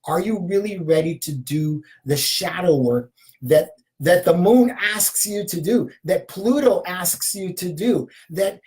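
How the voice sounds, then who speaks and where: A man in his fifties, a shamanic healer, giving a spiritual motivational talk. He repeats searching questions and punctuates them with a soft "aho", sometimes dropping to a whisper and at other times rising into passionate, emphatic affirmations. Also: sits high, unhurried, poor audio. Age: 50s.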